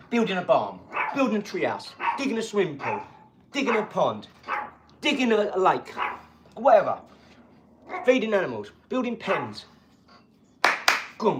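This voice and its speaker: A man hosting a casual live stream from his home garage, talking in an energetic, rambling, chatty way. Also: a little high, noisy background. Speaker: livestream host.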